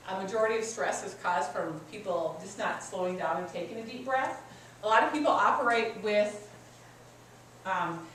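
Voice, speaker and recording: With a fairly high, slightly bright voice, a woman customer service coach gives a workshop presentation to an audience in a meeting room. She teaches in a conversational way, sharing personal stories. Recorded from far off in an echoey room, the clip has faint ambience and a little hiss or hum.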